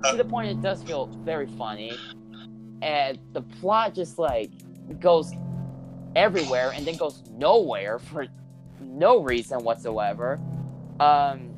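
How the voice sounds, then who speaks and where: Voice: mid-range voice, big pitch swings, a little slow, over music. A speaker in casual chat giving blunt, exasperated opinions on a movie. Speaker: movie reviewer.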